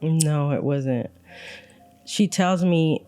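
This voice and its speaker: Woman, 40s, podcast guest; frank, wry storyteller with a warm, mellow tone, dry close sound. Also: fairly low pitch, expressive, measured pace, dry recording, faint music behind. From El Monte, California. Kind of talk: candid personal story.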